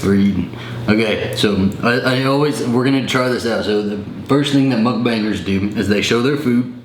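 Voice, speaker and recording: A man's voice: lowish voice, normal speed. Young man in an echoey home room. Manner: chatty, laughs often, reads a sponsor spot. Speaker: vlogger. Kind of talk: casual vlog chat. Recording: echoey room, faint noise.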